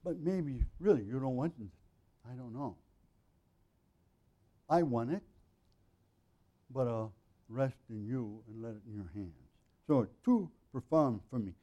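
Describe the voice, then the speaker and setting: A male pastor giving an earnest, conversational sermon, often clearing his throat. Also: medium pitch, lively intonation, a little slow, long pauses, warm tone. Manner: frequent throat clearing, earnest and plain-spoken.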